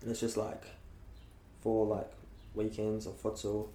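His voice is lowish and dark, monotone and a little slow: a young man in his late teens with a New Zealand accent, chatting as a guest. He tells stories in a laid-back way, packed with filler words, and the recording has room echo and faint hiss.

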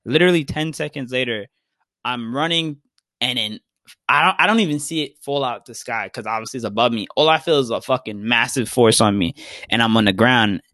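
Animated young New man. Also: mid-range voice, brisk, no room sound. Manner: animated, profanity-laden storytelling that acts out his own past remarks. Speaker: podcast co-host. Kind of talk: casual storytelling chat.

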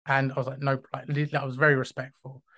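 A man hosting a podcast, telling a story in a casual, animated way, often restarting his sentences and acting out dialogue. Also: mid-range voice, quick pace. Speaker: podcast host.

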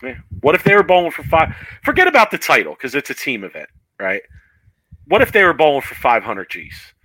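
Excitable man with a bright voice. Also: on the high side, fairly quick, slight background noise, rough recording. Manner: excitable, laughs often, says "yo" a lot. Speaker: co-host of a bowling talk show. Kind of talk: casual sports chat.

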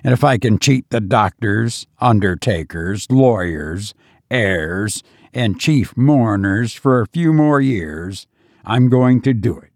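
A man's voice: fairly low pitch, expressive, takes it slowly, darkish tone, no room sound, studio quality, full character voice. A man voicing a stubborn, scornful old man on his deathbed. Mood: defiant. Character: dying, defiant wealthy old man.

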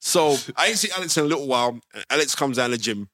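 A man's voice: medium pitch, fast, dry recording, studio quality. A middle-aged man, telling stories animatedly on a podcast. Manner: animated storyteller, acts out quoted voices, bursts into laughter. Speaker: podcast guest, boxing pundit. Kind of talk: casual storytelling chat. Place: podcast studio.

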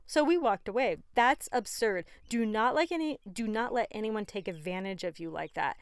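A woman's voice: on the high side, expressive, a little fast, smooth, dry recording. A woman hosting a podcast in a casual, rambling, chatty way, with frequent fillers and laughs. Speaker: podcast host. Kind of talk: casual chat.

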